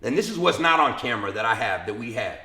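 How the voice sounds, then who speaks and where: Young man, gravelly voice, roomy echo, casual storytelling, swears a lot. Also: medium pitch, fast talker. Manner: animated retelling with acted quotes and profanity. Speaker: interview guest.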